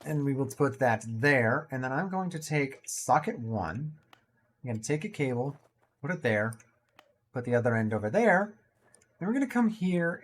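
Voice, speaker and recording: Lively, playful man narrating gameplay. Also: medium pitch. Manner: chatty, playful, jokey asides. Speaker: gaming video creator. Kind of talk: casual let's-play commentary.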